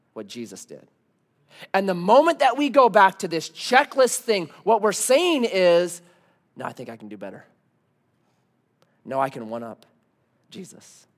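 A man preaching a sermon as pastor, conversational, telling stories and asking the congregation rhetorical questions. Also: high-pitched.

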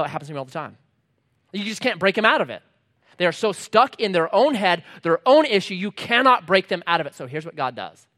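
Male pastor mid-sermon, lively and dramatic delivery, high-pitched. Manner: animated, shifts from loud emphasis to quiet intensity.

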